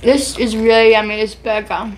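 A woman's voice: fairly high pitch, level tone, moderate pace, slight background noise. A young Australian woman chatting casually while eating, rambling between bites. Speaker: vlogger. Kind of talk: casual mukbang chat.

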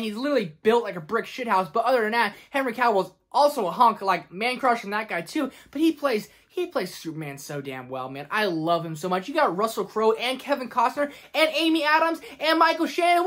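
Young woman, movie vlog host, excitable, gushing, casual swearing, mid pitch.

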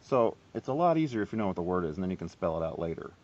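A man giving a casual, self-deprecating harp lesson, chatty and quick to laugh at himself. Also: low voice, very animated, darkish tone, lo-fi sound. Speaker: harp teacher.

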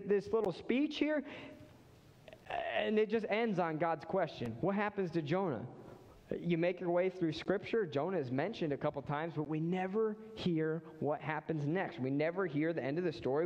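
Brief: male pastor, lively sermon storytelling, slightly dull muffled church recording. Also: a little high, normal speed, long reverb tail. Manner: animated storytelling, acting out the figures. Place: church sanctuary.

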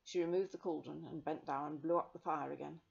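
A woman reads a children's novel aloud in a gentle, measured way. Her voice sits low with a gravelly texture. The recording sounds dull and lo-fi. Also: steady tone. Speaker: reader.

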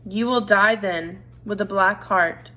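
A woman's voice: mid-range voice, slow pace, sharp tone. A woman voicing a solemn, commanding male head mouse who passes judgment. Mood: stern. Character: stern old male head mouse elder.

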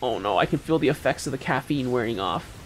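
A man giving casual live gameplay commentary as a gaming YouTuber, excitable and slangy, with sudden squeals and mumbled asides. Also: mid-range voice, fast talker, a little hiss or hum.

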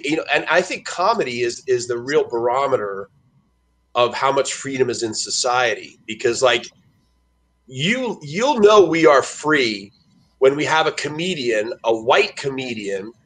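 A man's voice: mid-range voice, fairly bright tone. A man talking casually on a podcast, rambling and restarting often as he tells stories. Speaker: podcast guest.

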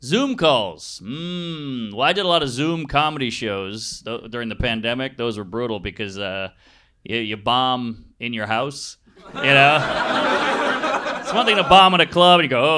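A man's voice: medium pitch, expressive, normal speed. A man doing improvised stand-up comedy on a club stage, working the crowd with blunt, crude, self-mocking jokes. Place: comedy club stage before a laughing audience. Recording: live club recording with audience noise.

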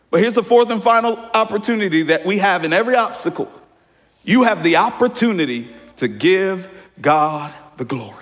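A man in his thirties preaching a lively sermon as pastor, often calling the congregation y'all. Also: high voice. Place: church sanctuary. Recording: hall reverb from church sanctuary.

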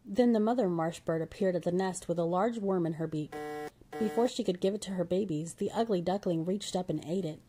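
A woman reading a children's storybook aloud in a steady, expressive way. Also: fairly low pitch, brisk, soft background music.

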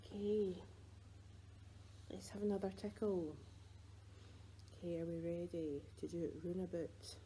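A woman with a Scottish accent leading rhymes and songs for babies in a library, sing-song and playful with soft whispered asides. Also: on the low side, fairly even intonation, a little slow, pauses often, a little hiss or hum, low-quality recording. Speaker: children's librarian.

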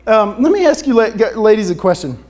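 A man's voice: high voice, big pitch swings, a little fast, a little mellow. A man preaching a sermon, joking with the congregation and asking them for a show of hands. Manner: asks the audience for a show of hands. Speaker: pastor.

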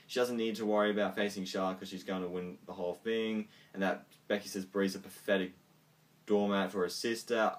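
A man with a fairly low voice gives a loose, excitable wrestling review, swearing freely and scattering ums through his talk. He sits some distance back from the microphone, so his voice sounds a little distant. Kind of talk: casual video review.

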